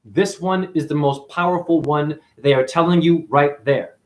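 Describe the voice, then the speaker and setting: A man ranting on a spiritual livestream, cursing freely and jumping between loud high outbursts and low mutters. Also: normal speed. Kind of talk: rambling spiritual livestream rant.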